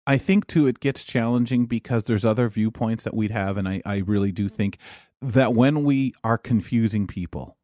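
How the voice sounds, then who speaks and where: A man co-hosting a talk show, speaking in an earnest, halting way and often repeating words as he starts a thought. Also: on the low side, warm tone, dry recording, clean studio sound. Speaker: co-host. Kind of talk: casual chat.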